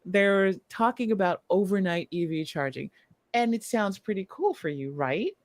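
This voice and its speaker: This woman co-hosts a casual news discussion podcast, and her medium-pitched voice is expressive at a normal speed on a dry recording. She explains points at length and laughs in between them.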